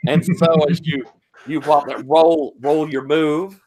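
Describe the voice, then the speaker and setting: A man's voice: a little high, fairly even intonation, takes it slowly, mellow. A man narrates a tabletop wrestling game as game master, speaking with enthusiasm. He keeps prompting the players for their next moves.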